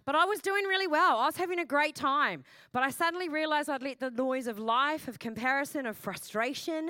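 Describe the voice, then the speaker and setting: A woman pastor delivers a sermon in a bright, forceful voice pitched a little high. She is lively and chatty, throws in self-mocking asides and keeps asking the congregation questions. The sound is close and dry. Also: dry recording.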